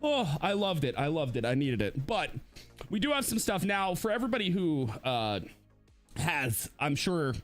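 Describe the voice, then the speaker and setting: A man co-hosting a live-streamed podcast, talking casually and laughing often, with quick swings into mocking put-on voices. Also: on the high side, sing-song, faint music behind. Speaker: podcast co-host.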